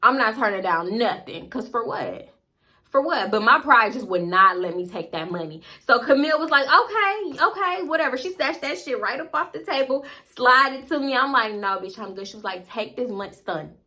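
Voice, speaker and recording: A woman telling a storytime vlog, animated and profane, acting out every voice herself. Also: on the high side, normal speed. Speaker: storytime vlogger.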